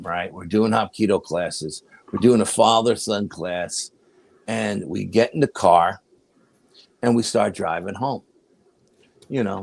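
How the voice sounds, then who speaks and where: A man's voice: on the low side, gravelly. An older man telling a paranormal story as an interview guest, acting out the dialogue as he goes. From New York. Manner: animated storyteller, acts out quoted dialogue.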